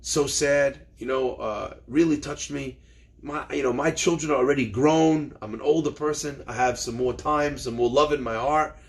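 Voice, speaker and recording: A man voicing an older revered rabbi who speaks gently and persuasively. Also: medium pitch, normal speed, close to an everyday voice. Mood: warm, fatherly.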